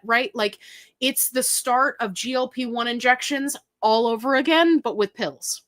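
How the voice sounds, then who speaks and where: A woman's voice: fairly high pitch, normal speed, fairly bright tone, no echo. A woman hosting a casual livestream, chatting straight to her viewers and answering their questions, laughing often. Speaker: host of a livestream.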